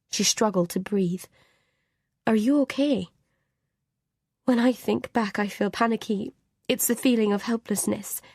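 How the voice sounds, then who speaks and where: A woman reading a first-person suspense thriller audiobook in an even, measured voice, at times dropping to a whisper in tense dialogue. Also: mid-range voice, no room sound, studio quality. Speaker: audiobook narrator.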